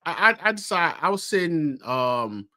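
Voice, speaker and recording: Man recounting a game, slightly high. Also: sing-song, normal speed, pushed and bright. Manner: storytelling, conversational, many fillers. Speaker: co-host. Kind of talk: casual sports talk.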